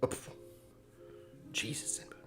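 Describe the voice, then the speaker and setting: Loud music plays behind an unhurried man hosting a whiskey channel's laid-back home tasting live stream. He rambles, jokes and keeps interrupting himself as he chats with the people watching.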